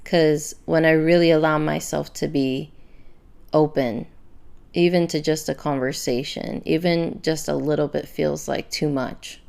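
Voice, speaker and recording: Podcast host, young woman, low and gravelly, candid, halting, emotional. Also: fairly even intonation, a little mellow. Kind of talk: personal faith-based podcast monologue.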